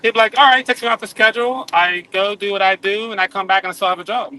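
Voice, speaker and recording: A man's voice: sits high, steady tone, fast talker, pushed and bright, clean tone, low-quality recording. A man joining a live online chat as a guest, telling stories in an easygoing way and laughing easily, over a video call. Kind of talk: casual chat.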